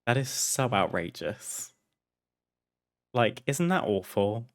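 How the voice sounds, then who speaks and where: A man with a fairly low voice talks over his gameplay, easygoing and frank. He drifts through a long personal story, laughing now and then and not minding a swear word. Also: big pitch swings, slow pace. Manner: chatty, candid, laughs and swears freely. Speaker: streamer.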